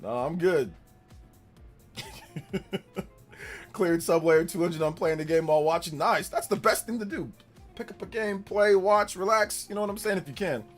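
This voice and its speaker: A man hosting a gaming livestream in casual chat, telling stories with lots of laughter and loud acted-out quotes. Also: high voice, normal speed, long pauses, soft background music. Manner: animated storytelling, laughs often, acts out quotes loudly.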